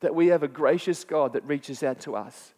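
Man preaching a lively, conversational sermon. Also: fairly high pitch, normal speed. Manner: animated storytelling, voice rising sharply when quoting scripture; conversational, plain-spoken teaching with asides to listeners.

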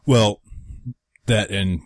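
A man's voice: lowish voice, steady tone, very slow, no room sound. A man co-hosting a casual talk show, making dry, wry remarks and sometimes stumbling over his words. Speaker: podcast co-host. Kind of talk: casual chat.

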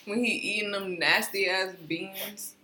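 A woman with a bright, clear voice talks slowly and giggles through a casual podcast chat, hamming up mock emotion. Her voice rings in an echoey room with a faint hiss underneath. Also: mid-range voice, fairly even intonation. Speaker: co-host.

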